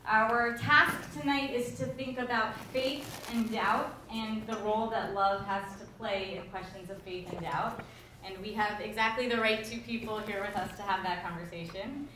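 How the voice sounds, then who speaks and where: A woman moderator opens a public lecture and introduces the guests in a measured, formal way. Her voice is heard from far off in a very echoey hall. Faint ambient noise runs behind her. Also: medium pitch, steady tone.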